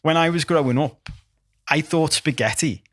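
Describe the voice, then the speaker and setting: A man co-hosting a podcast, animated and sweary in rambling casual chat. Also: on the high side, moderate pace, no room sound, studio quality. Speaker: podcast co-host. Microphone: podcast microphone.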